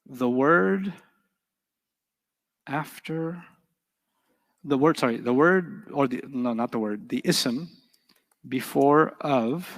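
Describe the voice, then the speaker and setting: A man teaching an Arabic grammar class, lively and animated, often checking with his students. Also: mid-range voice, takes it slowly, gravelly, pauses often, big-room sound.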